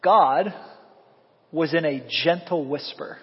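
A man preaching a sermon as pastor, animated and quizzing the congregation with questions. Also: fairly high pitch, unhurried, pauses often, slightly rough. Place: church sanctuary. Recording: echoey hall, dull lo-fi sound.

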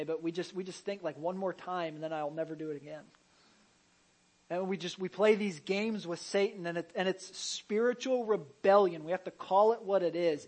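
A man, a pastor, preaching a sermon in a conversational way, with restarts, sudden loud emphasis and jokey asides. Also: high voice, poor audio.

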